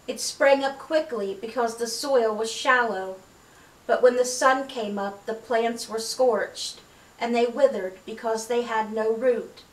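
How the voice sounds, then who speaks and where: A woman with a fairly high voice reads scripture aloud at a measured pace and breaks off for casual, friendly asides. She sounds set back from the mic in an echoey room. A faint hiss sits under the recording. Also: fairly even intonation, distant mic. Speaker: Bible reader. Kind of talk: Bible reading aloud.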